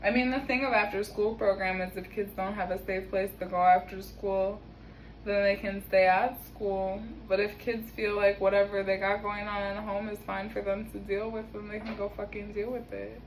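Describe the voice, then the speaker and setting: A woman's voice: medium pitch, level tone, moderate pace, slight background noise, low-quality recording. A young woman telling a casual story at home, chatty, laughing often and swearing casually. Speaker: vlogger. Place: home kitchen.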